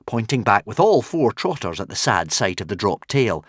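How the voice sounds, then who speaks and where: A man narrating a children's adventure audiobook in an animated, dramatic way with playful asides. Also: low-pitched, moderate pace, few pauses, no room sound, studio quality. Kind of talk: expressive storybook narration.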